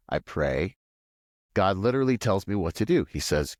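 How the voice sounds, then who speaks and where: A man from Washington State, a podcast guest, telling a long personal story in a rambling, animated way full of "like" and "you know.". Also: moderate pace, no room sound, clean studio sound. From Washington State, USA. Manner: acts out quoted voices with pitch jumps. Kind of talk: casual storytelling interview.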